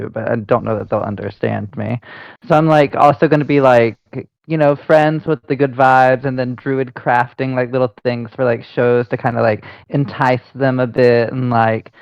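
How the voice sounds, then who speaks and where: A man's voice: medium pitch, vocal fry, no room sound. A man playing a tabletop game who chats casually about his character's plans, leaning on "like" a lot. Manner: chatty, explains his plans with lots of "like". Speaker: player. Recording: dull, dry lo-fi sound.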